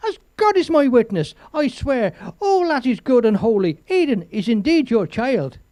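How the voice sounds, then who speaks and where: A man's voice: very high-pitched, very animated, normal speed, dark tone, pitched above the performer's own voice. A man reading a joke and voicing an old wife at her husband's deathbed, solemnly swearing an oath in a slightly raised voice. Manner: solemn swearing, then blunt.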